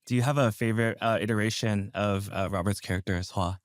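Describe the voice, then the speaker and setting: Soft-spoken lower-voiced male host. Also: steady tone, fast talker, no echo, clean studio sound. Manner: soft-spoken, hesitant questioning. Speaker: podcast host. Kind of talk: podcast interview.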